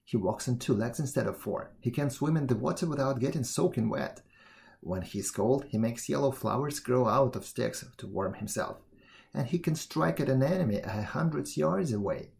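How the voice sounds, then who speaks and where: A man's voice: mid-range voice, lively intonation, moderate pace, creaky, a little mellow. A man voicing a sly, boastful male fox in a storybook reading, speaking in a smug, knowing way.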